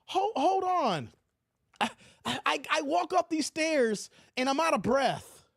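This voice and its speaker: A man's voice: very high-pitched, very animated, slow pace, creaky, fairly bright tone, no room sound, clean studio sound, pitched above the performer's own voice, heavily acted. A man mockingly voicing an overweight adult who whines, breathless and exasperated, about aching knees and tight pants. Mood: whiny. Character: whiny overweight adult discovering aches.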